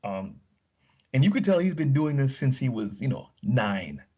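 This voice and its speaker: A man's voice: medium pitch, big pitch swings, moderate pace, noisy background. A man chatting casually as a guest, telling rambling stories with many restarts and fillers. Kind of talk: casual storytelling chat.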